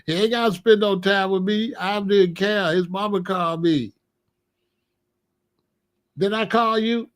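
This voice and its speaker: A man's voice: high-pitched, steady tone, measured pace, pauses often. An older man, a grandfather, talking casually to camera in a profane, taunting rant, laughing often and asking "you know what I'm saying?". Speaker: vlogger scolding his grandson.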